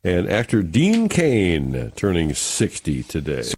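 A male radio host with a very deep, low voice, recorded dry and close with almost no room sound. He keeps the banter easy and chuckles often. He reads the daily notes in a relaxed way. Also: slow, slightly rough, no echo. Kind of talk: casual morning radio chat.

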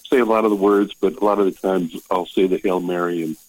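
An older man calling in to a radio show, sharing an earnest, emotional testimony with halting restarts. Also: sits low, steady tone, darkish tone, no room sound, low-quality recording. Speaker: caller. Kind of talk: call-in testimony.

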